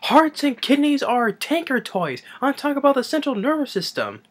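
A man doing a shrill ranting young doctor. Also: quick pace, a bit bright. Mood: indignant. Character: excitable young male doctor ranting at a class.

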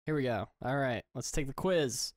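A man's voice: medium pitch, normal speed. A young man co-hosting a podcast, telling a rambling story with dry jokes in casual chat. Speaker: podcast co-host.

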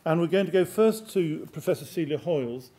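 An older British man chairing a panel debate in a formal, measured, enthusiastic way. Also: fairly high pitch, animated, mellow. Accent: British English. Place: large lecture hall.

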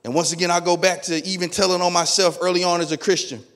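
A middle-aged male pastor with a notably high voice preaches in a loose, colloquial way. He tells stories with energy and acts out the back-and-forth himself. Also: fast. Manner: lively storytelling, acting out dialogue in his own voice. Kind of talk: sermon.

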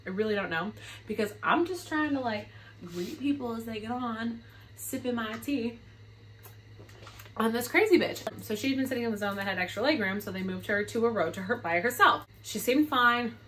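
A woman's voice: fairly high pitch, expressive, moderate pace, a bit bright, a little hiss or hum. A woman who works as a flight attendant, candidly telling a gossipy, profane story in a storytime vlog.

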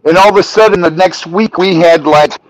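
A middle-aged man telling a story as a podcast guest, animated and profane, rising to shouts when he acts out arguments. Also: sits high, fairly quick, low-quality recording. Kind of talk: storytelling in casual chat.

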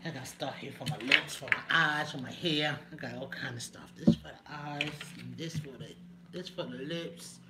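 A woman's voice: deep voice, moderate pace, heavy background noise. A woman chatting casually on a live stream from home, laughing often and talking to her viewers by name.

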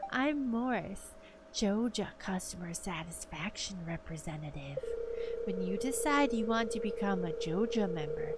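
A smarmy male shop clerk from a farming game gives his polished sales pitch, as a woman puts him on. He speaks low, smooth and quiet, with practiced corporate politeness. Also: very noisy, natural voice.

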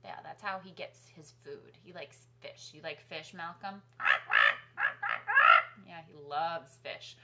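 A woman hosting a children's music class from her living room, singing nursery songs and talking gently to young kids. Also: low-pitched, takes it slowly, pauses often. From New York City. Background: guitar accompaniment.

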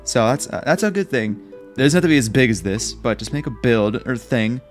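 A man's voice: mid-range voice, lively intonation, fairly quick, faint music behind. A man giving rambling, joking and self-mocking gameplay commentary as a Minecraft YouTuber.

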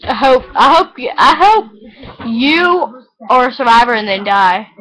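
A woman chatting casually on a home video, giggly and teasing, breaking into shouts. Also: fairly high pitch, measured pace, low-quality recording.

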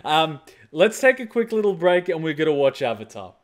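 A man's voice: a little high, sing-song, moderate pace. A man hosting a reaction video, talking casually and earnestly about an episode in short repeated phrases.

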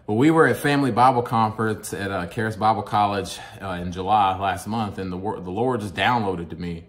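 An earnest man with a Kentucky accent delivers a sermon-style teaching in a fairly low voice. He keeps checking in with his listeners, asking "amen?" and "right?" as he goes. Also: a little fast, fairly bright tone. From Kentucky, USA. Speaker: guest speaker, psychologist.

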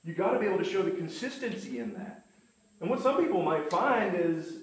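Man, Bible class teacher, earnest and emphatic, slightly high voice, very echoey room. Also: animated, a little fast. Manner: earnest, emphatic, quotes scripture and authors. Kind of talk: church lesson talk. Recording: echoey room with faint noise.

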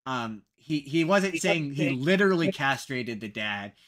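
A young man co-hosting a casual podcast, rambling and animated, poking fun at his own past opinions. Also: mid-range voice, a little slow. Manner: animated, rambling, self-mocking. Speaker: podcast co-host.

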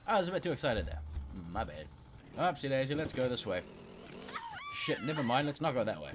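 A man commentating on a game he is playing, excitable and swearing, a bit sick and clearing his throat. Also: mid-range voice, fairly quick, long pauses, noisy background. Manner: excitable, swearing, yelping at failures. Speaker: gameplay commentator. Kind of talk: let's play commentary.

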